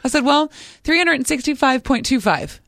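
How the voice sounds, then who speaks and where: A higher-voiced woman telling an on-air anecdote in easy, chatty talk, slipping into other people's voices as she goes. The sound is dry and close, with no room around it. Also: normal speed, vocal fry, dry recording. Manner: lively storyteller, acts out callers' voices. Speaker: radio show co-host. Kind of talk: casual chat, telling an on-air story.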